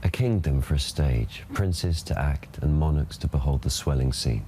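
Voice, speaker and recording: An actor playing a stage chorus who declaims a verse prologue in a measured way. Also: male voice, a bass voice, lively intonation, mellow, slight background noise. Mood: declaiming. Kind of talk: classical verse recitation.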